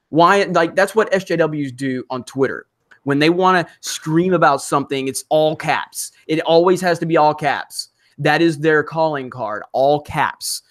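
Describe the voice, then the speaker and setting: Rambling Alabama-raised streamer, higher voice. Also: male voice, fairly bright tone. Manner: rambling, many fillers and restarts, quick laughs. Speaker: live stream host. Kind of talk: casual live stream chat.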